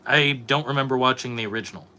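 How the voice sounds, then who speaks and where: A young man with a bright, forward voice chats loosely on a live stream, rambling and swearing as he reacts to his viewers. His pitch sits in an ordinary middle range for a man. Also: fast talker, clean tone. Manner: profane, rambling, reacting to chat. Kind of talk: casual live-stream chat.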